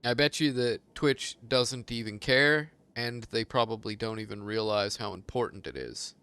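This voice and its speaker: A man's voice: mid-range voice, normal speed, sharp tone, smooth, no echo. Rambling, foul-mouthed male streamer. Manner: rambling, profane, laughs often. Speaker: game streamer. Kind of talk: casual gaming stream chat.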